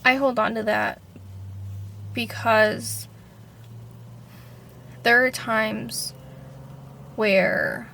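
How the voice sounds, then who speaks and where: A woman's voice: a little high, little pitch movement, very slow, vocal fry, pauses often, bright, forceful tone, a little hiss or hum. A young woman talking casually to camera in a personal vlog, rambling, filling with "like" and swearing freely. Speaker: vlogger.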